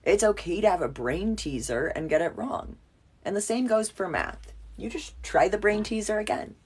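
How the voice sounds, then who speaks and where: A woman's voice: mid-range voice, expressive, normal speed, darkish tone, breathy edge. A woman giving a casual, playful math lesson at a whiteboard, chatty and joking at herself as she works. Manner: playful, chatty, self-mocking asides. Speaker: math teacher.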